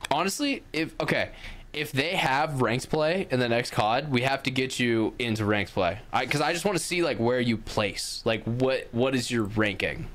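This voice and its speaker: A young man on a podcast call, chatting loosely and swearing freely at an average, middle pitch. He teases his co-hosts in a relaxed, offhand way. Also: normal speed. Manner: loose, profane, teasing. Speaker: podcast co-host. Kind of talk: casual chat. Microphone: online voice call.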